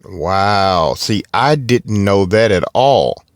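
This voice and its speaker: A man with a Southern accent hosting a car podcast, talking in a folksy, halting way with restarts. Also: on the low side, animated, dry recording, studio quality. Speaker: podcast host. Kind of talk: casual podcast talk.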